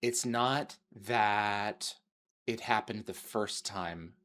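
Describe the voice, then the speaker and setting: A middle-aged man hosting an interview, talking earnestly and haltingly with many restarts. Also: fairly low pitch, bright, forceful tone. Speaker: host. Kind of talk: interview talk.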